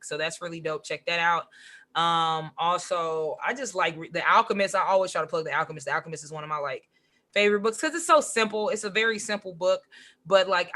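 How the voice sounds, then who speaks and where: A woman, a podcast guest chatting casually and acting out quotes, with lots of "like". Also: fairly low pitch. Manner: animated, says "like" a lot, acts out quotes. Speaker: podcast guest, comic writer and poet. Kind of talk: casual chat.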